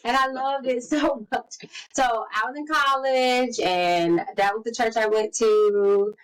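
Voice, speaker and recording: A woman in her forties co-hosting a podcast, telling stories in lively casual chat and acting out the quotes. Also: fairly high pitch, slow, smooth, low-quality recording. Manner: animated storyteller, acts out quotes. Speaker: podcast co-host.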